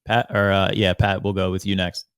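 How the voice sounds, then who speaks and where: A man's voice: low voice, little pitch movement, normal speed, fairly bright tone, clear, resonant tone, no room sound, studio quality. A man working as a podcast producer, chatting in an easygoing, joking way. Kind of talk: casual chat.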